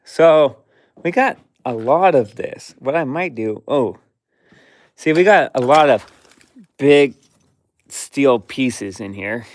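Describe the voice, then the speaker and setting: Slow, rambling man in a workshop. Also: mid-range voice, expressive. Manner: slow, rambling, talks to himself and his dog. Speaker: vlogger cleaning his workshop. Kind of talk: casual running commentary. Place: cluttered workshop and yard.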